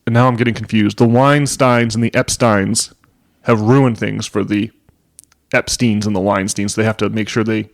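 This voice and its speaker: A man's voice: fairly low pitch, fairly even intonation, moderate pace, creaky. Rambling male podcast host. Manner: rambling, with frequent fillers, restarts and chuckles. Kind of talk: casual podcast chat.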